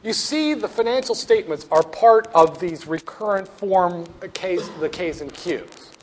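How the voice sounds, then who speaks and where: A man's voice: high voice, expressive, a little slow, a little hiss or hum. A man giving a classroom lecture on finance, wry and storytelling, with asides to the class.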